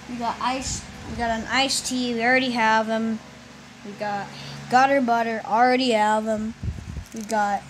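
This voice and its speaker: High-voiced woman, dramatically disappointed. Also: background noise. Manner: dramatically disappointed, whiny outbursts. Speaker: toy unboxing vlogger. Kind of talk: casual unboxing commentary.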